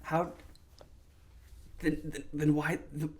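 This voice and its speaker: A man's voice: fairly high pitch, level tone, takes it slowly, slight background noise. A man playing a tabletop role-playing game, casual and self-conscious, often laughing at himself. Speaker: player. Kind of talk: casual in-character play.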